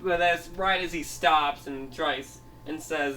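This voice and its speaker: A man's voice: on the high side, fairly even intonation, measured pace, sharp tone. A man telling a made-up story in a rambling way, full of restarts and laughs. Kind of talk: improvised storytelling. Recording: voice heard from a distance, faint noise.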